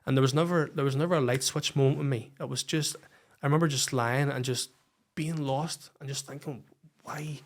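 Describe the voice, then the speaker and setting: A man's voice: medium pitch, fairly even intonation, brisk. A man with a Northern Irish accent, a podcast guest telling his personal story frankly and swearing freely. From Northern Ireland.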